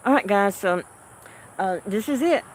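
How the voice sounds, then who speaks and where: A livestream host with a medium-pitched, expressive voice talks over slight background noise. Her manner is unhurried and homey as she chats casually with viewers, answering comments and laughing softly again and again.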